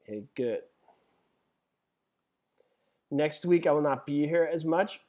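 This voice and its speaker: A man's voice: a little high, moderate pace, darkish tone. Chatty man reading quiz questions. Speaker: real estate exam instructor. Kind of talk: live webinar teaching.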